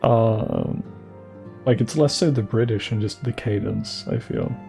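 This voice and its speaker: A man's voice: fairly low pitch, big pitch swings, unhurried, creaky, a little mellow. A young man casually commentating a game stream into a desk microphone, blunt and joking, swearing offhandedly and sometimes reading game lines aloud. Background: game music.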